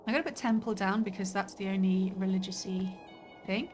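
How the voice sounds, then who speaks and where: A woman's voice: medium pitch, a little fast, a little mellow, slight background noise. A woman streaming a story game, thinking aloud and chatting casually as she plays. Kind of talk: let's play commentary. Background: faint game music.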